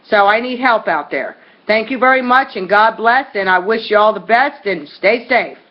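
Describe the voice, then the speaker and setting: A woman's voice: mid-range voice, expressive, moderate pace. Impassioned middle-aged woman pleading, lo-fi. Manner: pleading, rambling with fillers and restarts. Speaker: vlogger. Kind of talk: impassioned direct-to-camera appeal. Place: at home. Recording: dull lo-fi recording.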